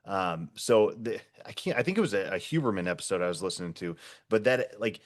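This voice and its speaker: Deep-voiced man talking in rambling bursts. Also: lively intonation, a little fast. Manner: rambling, many fillers and restarts; blunt, swears casually. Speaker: podcast guest, former first responder. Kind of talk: casual podcast conversation.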